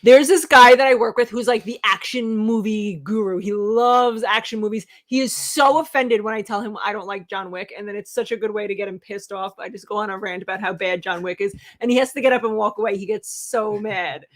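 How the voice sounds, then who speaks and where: A woman's voice: medium pitch, steady tone, a little fast, few pauses. A young adult woman co-hosting a casual livestream about comics and beer, joking and teasing as she reads the chat. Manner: playful, teasing, jokey.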